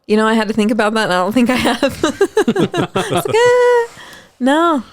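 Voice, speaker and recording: A woman's voice: high voice, animated, moderate pace. A woman in her thirties, from Utah, hosting a casual podcast chat, teasing and laughing often. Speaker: podcast host.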